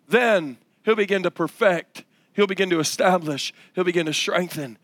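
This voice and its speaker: A pastor in his thirties preaching a sermon, his voice pitched high for a man. He swings from low, drawn-out phrases to shouted peaks. The sound is close and dry. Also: no room sound. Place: church ballroom.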